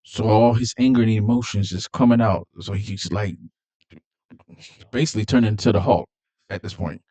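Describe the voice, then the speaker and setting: A man's voice: fairly low pitch, steady tone, normal speed, warm tone. A man casually recapping a movie plot, rambling with fillers and repeated words. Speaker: movie reviewer.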